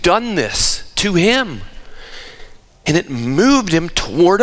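A man preaching a sermon, asking rhetorical questions and dropping to hushed tones for emphasis. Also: sing-song, takes it slowly. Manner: dramatic, drops to hushed low tones for emphasis; asks the audience rhetorical questions.

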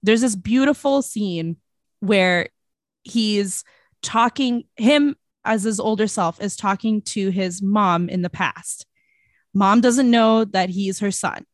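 A woman's voice: mid-range voice, slow, dry recording, studio quality. A young woman co-hosting a podcast, chatting casually about a movie, bubbly and giggly with lots of fillers. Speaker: podcast co-host. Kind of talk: casual movie review chat.

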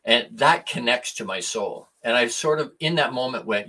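A man's voice: mid-range voice, moderate pace, hardly any pauses, low-quality recording. A man, a coach and author appearing as a guest, telling a story in casual conversation and acting out the dialogue as he goes. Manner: animated retelling, acting out quoted dialogue.

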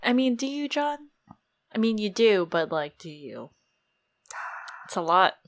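A woman's voice: medium pitch, sing-song, unhurried. A woman co-hosting a casual book discussion, chatty, full of likes and casual swearing. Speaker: podcast co-host.

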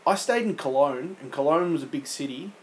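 Man, from Australia, casual quiz host, joking, teasing, slightly high pitch. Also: lively intonation, a little fast, poor audio. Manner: joking, teasing, reads questions aloud. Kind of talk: casual chat.

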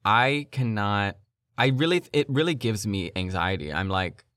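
A man hosting a podcast, telling stories in an animated, incredulous way in casual chat. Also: fairly low pitch, unhurried, no room sound, studio quality. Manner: animated, incredulous, laughing storyteller. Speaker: podcast host.

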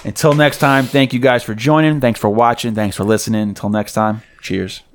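A man's voice: mid-range voice, steady tone, brisk, slight background noise. A man co-hosting a casual podcast, easygoing, signing off and listing where to follow the show. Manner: easygoing, upbeat sign-offs. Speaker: podcast co-host. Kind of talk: casual chat.

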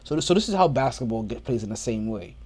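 A man's voice: medium pitch, expressive, fast talker, a little mellow, slightly rough. A man hosting a podcast, chatting casually about sports in a profane, rambling way with many restarts. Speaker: podcast host.

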